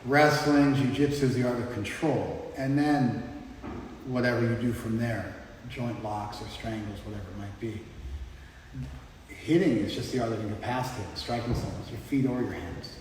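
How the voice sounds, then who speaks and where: A man's voice: medium pitch, normal speed. A man giving an informal class lecture in a conversational, explanatory way, often checking in with his listeners. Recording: echoey hall, mic far off, faint background noise.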